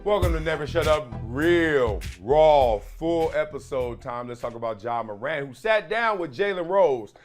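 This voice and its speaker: A middle-aged man hosting his own show, telling stories in a lively commentary monologue and acting out quotes of other people. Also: on the high side, unhurried, hardly any pauses, faint music behind. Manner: storytelling with acted-out quotes of teammates. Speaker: show host.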